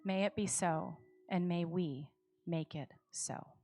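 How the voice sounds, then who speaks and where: A woman telling a story in a worship service, measured and calm, repeating refrains. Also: lowish voice, faint music behind. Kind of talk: storytelling sermon.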